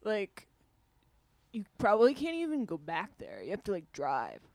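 A woman's voice: mid-range voice, wildly swooping pitch, normal speed, creaky, a little mellow, no room sound. A woman playing a laid-back male surf shop guy who drawls with lots of fillers in an improvised comedy sketch. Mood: mildly annoyed.

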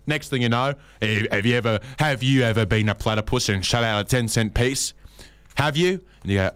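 A man with an Australian accent doing a rambling stand-up monologue, wry, often jumping into high-pitched voices for the people in his stories. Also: animated, fairly quick, a bit bright, dry recording. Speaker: comedian.

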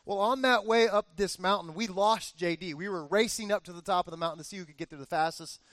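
A man in his forties preaching a sermon as pastor, telling a lively family story and acting out the cheers. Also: high voice, fast, no room sound. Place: church.

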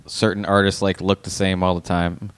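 Male host, relaxed storyteller, low smooth voice. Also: normal speed. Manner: relaxed storytelling with easy laughs. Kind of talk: casual chat.

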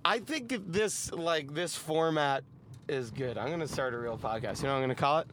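A man with a high, bright voice chats and jokes on a podcast recorded in a moving car. He laughs easily and keeps dropping into silly impressions. Faint road noise hums underneath. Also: brisk. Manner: joking, breaks into mock voices and laughs. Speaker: podcast co-host. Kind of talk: casual chat while driving.

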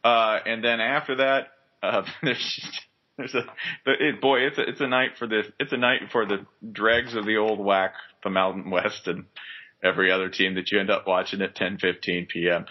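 A man's voice: on the low side, steady tone, moderate pace. A man hosting a podcast, chatting casually about sports in a joking, rambling way with many fillers. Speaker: podcast host. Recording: dull lo-fi podcast recording.

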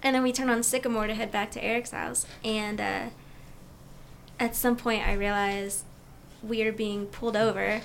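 A young woman telling a story in casual chat, laid-back and soft-spoken with trailing fillers. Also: medium pitch, little pitch movement, moderate pace, vocal fry, slight background noise.

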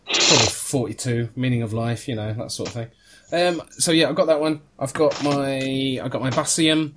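A man's voice: mid-range voice, normal speed, noisy background. A man hosting a casual podcast chat, rambling and joking with plenty of fillers and restarts over a video call. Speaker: podcast host.

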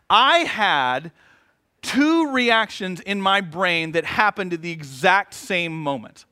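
Male pastor, middle-aged, high bright voice, animated storytelling with jokey asides. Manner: storytelling with humorous asides and acted-out quotes. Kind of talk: sermon.

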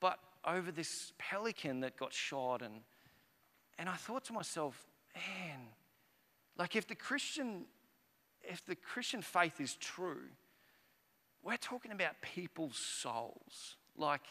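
Male pastor, 30s, slightly high, bright voice, chatty, restart-heavy sermon storytelling, church reverb. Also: very animated, unhurried. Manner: rambling, conversational, emotional storytelling with many restarts. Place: church auditorium.

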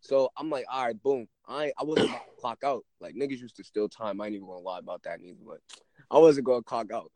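A man's voice: medium pitch, fast talker, dark tone, no room sound. A young man telling a story in casual chat, laid-back and rambling, often restarting his sentences.

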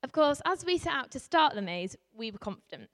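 A woman from Yorkshire without a strong accent, telling a story to a live audience as a youth worker, animated, with laughs and many ums. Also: sits high, fairly quick. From Yorkshire, England. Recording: reverberant hall.

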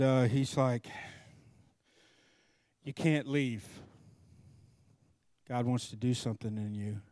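A middle-aged man preaching, telling a story in an animated way and acting out both sides of a conversation. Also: a little high, dry recording, studio quality. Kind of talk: storytelling sermon.

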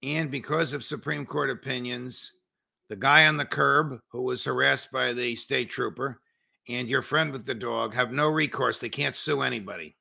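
A man's voice: medium pitch, steady tone, moderate pace, vocal fry, sharp tone. A man giving political commentary as a guest, emphatic and lecturing, building to indignation.

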